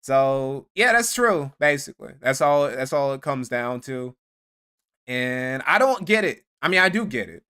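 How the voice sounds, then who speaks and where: A man's voice: medium pitch, animated, a little slow, sharp tone, clean tone. A man streaming commentary, swearing freely, mocking his targets and thanking donors. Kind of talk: casual live-stream commentary.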